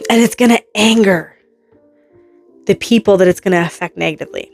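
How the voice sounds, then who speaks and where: A woman's voice: mid-range voice, brisk. Woman, tarot reader, casual rambling talk, acts out quotes, faint music underneath. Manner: rambling, animated, full of hypothetical quotes. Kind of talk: casual spoken tarot reading.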